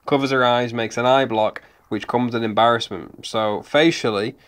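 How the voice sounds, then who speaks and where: A man's voice: mid-range voice, steady tone, normal speed, fairly bright tone. A man giving analytical commentary over video clips, explaining steadily with frequent ums. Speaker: body language analyst.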